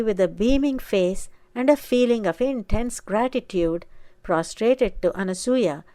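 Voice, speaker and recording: A woman narrating a sacred story in a measured, earnest reading. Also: mid-range voice, a little mellow, no room sound.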